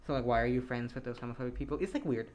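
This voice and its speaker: A woman's voice: very deep voice, racing, darkish tone. A young woman co-hosting a casual podcast, chatty and full of "like.". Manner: chatty, filler-heavy. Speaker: podcast co-host. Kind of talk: casual chat.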